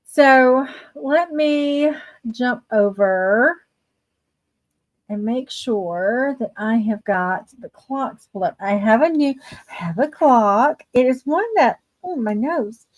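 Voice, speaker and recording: A woman's voice: a little high, slow pace. A woman hosting a writing livestream, chatting casually and greeting viewers fondly by name. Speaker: livestream host of writing sprints.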